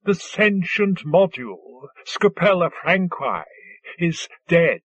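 A man's voice: sits high, big pitch swings, slow pace, fairly bright tone, husky, no room sound, exaggerated voice. A man voicing a dry, polite ship mind. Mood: reasonable. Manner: reasonable, faintly insincere. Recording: dull lo-fi recording.

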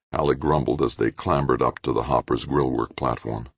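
A man narrating an audiobook in a steady, measured reading. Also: a bass voice, vocal fry, breathy edge, dry recording. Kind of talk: scripted narration.

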